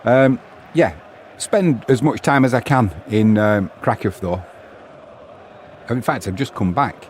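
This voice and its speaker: Hosting a live match stream, a middle-aged man from England chats casually, jokes with his audience and reads their messages out while covering the game. He talks at a measured pace in a mid-range voice, with slight background noise.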